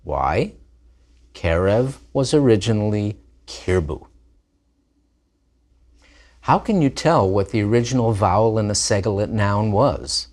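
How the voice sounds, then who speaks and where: A man giving a scripted lesson, lively and deliberate as he sounds out words. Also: fairly low pitch. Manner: animated, plays with vowel sounds. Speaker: teacher.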